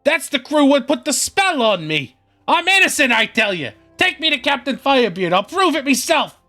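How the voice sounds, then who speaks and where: A tiny outraged pirate shrieking accusations in a very high, loud voice. He sounds frantic and indignant, with faint music in the background. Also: very animated, moderate pace, heavily acted. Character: shrill little male pirate, outraged.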